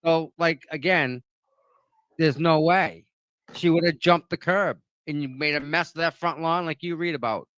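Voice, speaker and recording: Emphatic Boston man, bright voice. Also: fairly high pitch, moderate pace, dry recording. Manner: emphatic, repeats himself for punch. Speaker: guest. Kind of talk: casual livestream chat.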